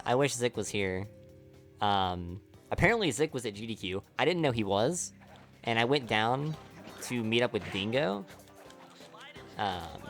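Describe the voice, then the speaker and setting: A young man with a lowish voice chats casually to his stream while he plays, rambling and leaning on "like" in nearly every phrase. He swears freely and laughs at his own stories. Faint game music sits quietly behind him. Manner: rambling, leans heavily on "like", laughs often, swears. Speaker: speedrunner streamer.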